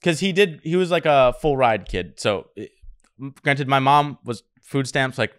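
A man co-hosting a podcast, chatting casually and talking quickly with plenty of swearing. His voice is smooth and clear. The sound is dry and close, with no room echo. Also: medium pitch. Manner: fast, excited, swearing freely. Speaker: podcast co-host. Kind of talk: casual chat.

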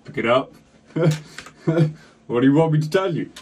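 A man's voice: mid-range voice, expressive, moderate pace, a little mellow, slight background noise. Man commenting casually from a distance. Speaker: reaction video host.

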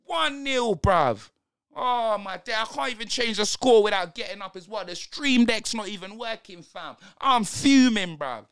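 A young man with a London accent calls a match live for his stream, piling on slang and exclamations. His voice is bright and carrying, with a smooth, clean tone. He moves quickly between rants about the team and outbursts at the play. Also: high-pitched, animated. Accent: London multicultural English. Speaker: football watch-along streamer. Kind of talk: live watch-along commentary.

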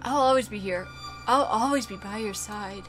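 A woman's voice: medium pitch, normal speed, fairly bright tone, faint music behind, natural voice. Woman doing a brooding possessive young man. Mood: tender. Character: possessive obsessive young man, quietly menacing. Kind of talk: reading game dialogue aloud.

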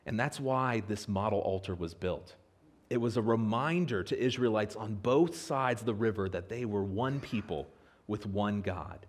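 Animated American man preaching. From Pennsylvania, USA. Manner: animated storytelling with lively pitch swings. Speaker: pastor. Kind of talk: sermon. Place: church sanctuary.

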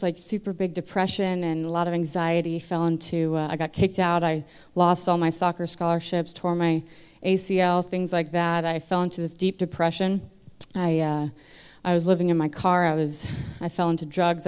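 A woman's voice: on the low side, darkish tone, clear, resonant tone. A young woman in her twenties sharing a candid personal testimony on a church stage into a microphone, nervous and chatty with many fillers. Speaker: church member giving testimony.

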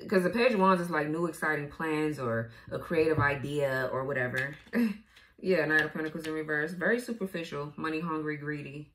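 A woman's voice: low voice, brisk, a bit bright. A woman giving a casual tarot reading, blunt and profane, laughing often as she goes. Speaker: tarot reader.

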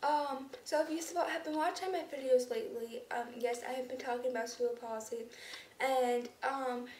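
Young woman, high voice, rambling vlog, slightly unclear speech, distant from the mic with faint noise. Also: steady tone, moderate pace, darkish tone. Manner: rambling, frequent ums and restarts. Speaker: vlogger. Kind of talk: casual vlog to camera. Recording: roomy echo, somewhat far from the mic, faint background noise.

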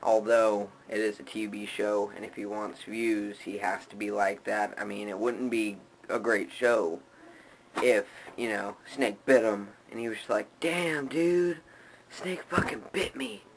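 A man's voice: fairly low pitch, little pitch movement, measured pace, slight background noise, low-quality recording. A man hosting a casual joking vlog, rambling offhandedly. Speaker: vlogger.

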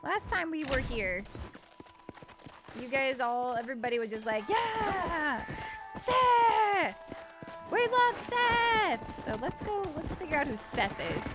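A woman's voice: fairly high pitch, expressive, moderate pace, loud music behind the voice. A woman streamer giving playful, chatty let's play commentary to her viewers.

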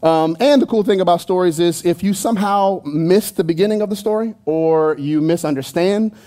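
Holding a handheld mic, a male pastor with a high-pitched, mellow voice gives a sermon at a moderate pace. His style is conversational and playful, full of jokes and side comments aimed at the congregation.

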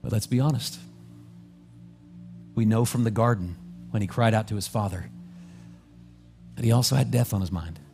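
A man's voice: fairly low pitch, normal speed, creaky, long pauses. A male pastor preaching a sermon in a church, telling the story vividly and acting out its scenes. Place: church sanctuary. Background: soft music.

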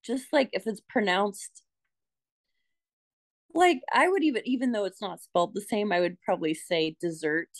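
A woman's voice: medium pitch, expressive, moderate pace, long pauses, no echo. A woman chatting casually on a podcast, self-deprecating and laughing as she talks.

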